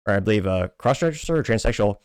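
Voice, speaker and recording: A man hosting a talk show, reading social media comments aloud with wry asides and quick self-corrections. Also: lowish voice, animated, darkish tone, clear, resonant tone, no room sound. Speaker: podcast host.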